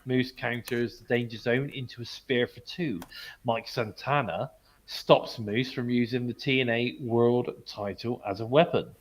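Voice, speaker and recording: British male co-host, casual recap reader, even mid voice. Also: mid-range voice, unhurried, a little hiss or hum. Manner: reads match recaps with fillers. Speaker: podcast co-host. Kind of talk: casual wrestling review chat.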